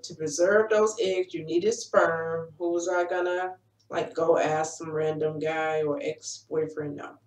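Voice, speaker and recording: A woman in her forties telling her own story to camera as a life coach, in an earnest, direct and encouraging way. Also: fairly low pitch. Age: 40s. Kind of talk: personal testimony to camera. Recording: roomy echo, voice from a distance.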